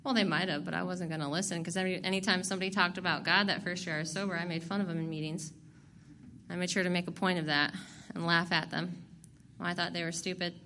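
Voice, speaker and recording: A woman's voice: fairly low pitch, steady tone, fast talker, bright, forceful tone, slight background noise. A woman candidly sharing her recovery story to a group, blunt and profane and laughing at herself. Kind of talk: candid personal testimony.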